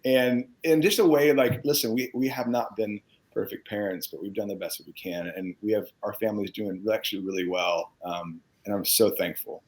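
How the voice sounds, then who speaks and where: Middle-aged man, low voice, sincere and emotional interview guest. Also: fairly even intonation, moderate pace, a little mellow, rough recording. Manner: heartfelt, earnest, gets choked up. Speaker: guest musician. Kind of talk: casual interview chat.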